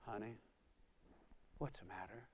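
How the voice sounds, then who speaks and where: A preacher voicing a worried, tender mother who speaks to her son in a hushed voice. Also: lowish voice, fairly even intonation, measured pace, a little hiss or hum, natural voice. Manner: hushed, soft-spoken.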